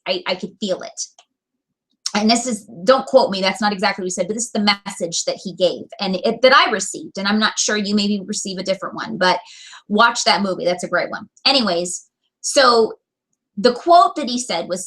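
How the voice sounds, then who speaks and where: Woman vlogger, bright tone, lively storyteller sharing a motivational business anecdote. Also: medium pitch, moderate pace, poor audio. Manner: animated storyteller, acts out quoted voices. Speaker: direct sales business owner.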